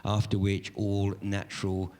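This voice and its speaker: A man's voice: on the low side, monotone, measured pace, a little mellow. Older man rambling through a story. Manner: rambling, anecdotal, with frequent fillers. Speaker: event host and moderator. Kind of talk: casual storytelling on stage.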